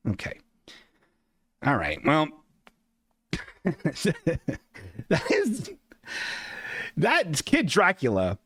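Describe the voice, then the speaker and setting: A man's voice: fairly high pitch, huge pitch swings, very slow, pauses often, fairly bright tone, breathy edge. A man hosting a comedy show, rambling and chuckling through his stories.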